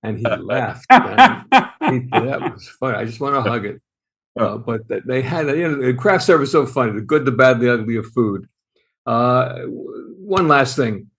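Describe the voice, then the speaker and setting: A man co-hosting a podcast, telling an animated anecdote in casual conversation. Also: medium pitch, normal speed, breathy edge. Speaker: podcast co-host. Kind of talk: casual storytelling.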